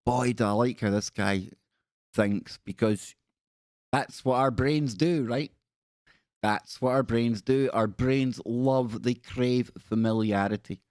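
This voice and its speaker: A man hosts a casual livestream, reading viewer stories aloud with playful, rambling asides and jokey spooky voices. His medium-pitched voice is a little mellow and unhurried, captured in a dry, clean studio recording.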